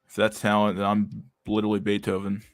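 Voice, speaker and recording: A man's voice: fairly low pitch, monotone, fairly quick, no echo, studio quality, faint music behind. Sarcastic young man ranting. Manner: incredulous, sarcastic, profane, says dude a lot. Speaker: stream host reacting to videos. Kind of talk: casual profane reaction commentary.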